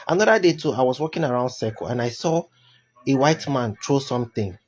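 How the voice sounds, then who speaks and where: A Nigerian man with a Nigerian accent telling a casual story to camera, animated and dropping into pidgin. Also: medium pitch, a little fast, highs cut off, slight background noise.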